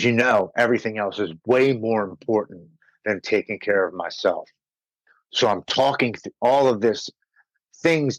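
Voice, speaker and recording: A man telling his personal recovery story as a podcast guest, earnest and slowing down on heavy moments. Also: fairly low pitch, no room sound, rough recording.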